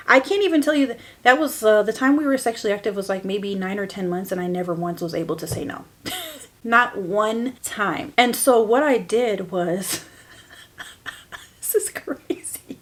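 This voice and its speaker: A woman hosting a podcast tells a personal story candidly, speaking straight to her listeners and often laughing through painful memories. She shifts between soft, hushed lines and bursts of higher, louder emphasis.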